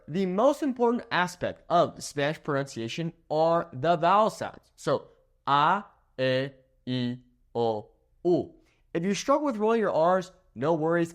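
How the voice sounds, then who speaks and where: Upbeat young male language teacher, a native English speaker, speaking slightly high with lots of melodic rise and fall. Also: animated. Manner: upbeat, slows down to spell out words, checks in with "okay?". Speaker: Spanish teacher. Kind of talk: energetic language lesson.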